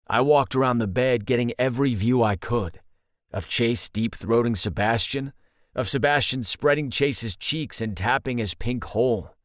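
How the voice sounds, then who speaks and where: Man, audiobook narration, first person, medium pitch, steady even delivery, close dry mic. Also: normal speed, dry recording.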